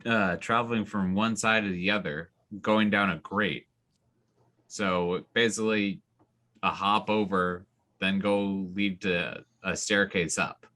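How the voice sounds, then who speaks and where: A young man narrating a tabletop game as game master, describing scenes in a relaxed way with fillers. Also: lowish voice.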